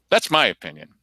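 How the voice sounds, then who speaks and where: A man's voice: pushed and bright, no echo. A man hosting a local news commentary show, talking casually and quoting people in mocking voices.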